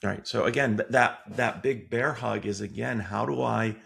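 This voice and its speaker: Gravelly low-voiced sales guest. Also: male voice, normal speed, fairly bright tone. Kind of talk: casual interview chat.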